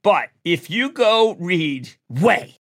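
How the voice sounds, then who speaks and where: Excitable man in his sixties, high voice. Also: slow pace. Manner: excitable, rambling storyteller, rises to near-shouts. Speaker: guest. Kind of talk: animated conversation.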